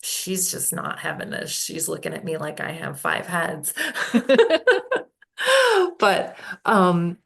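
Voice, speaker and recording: A woman holistic healing practitioner, telling stories in a casual podcast conversation, unhurried and halting with many fillers. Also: low-pitched, wildly swooping pitch, creaky, fairly bright tone.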